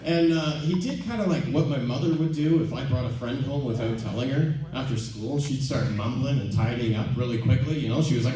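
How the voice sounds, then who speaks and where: A man doing stand-up, telling a rambling, self-deprecating story with halting ums and restarts. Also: medium pitch, a crowd in the background. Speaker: stand-up comedian. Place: theater stage before a live audience. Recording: echoey venue from far off.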